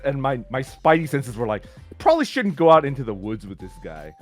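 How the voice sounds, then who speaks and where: A middle-aged man spins long, wandering anecdotes, stopping and restarting his sentences as he goes. His voice sits at an ordinary middle pitch. Soft background music runs faintly under his talk. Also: big pitch swings, fairly quick. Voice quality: rambling, full of "like" and restarts. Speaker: streamer. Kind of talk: casual storytelling.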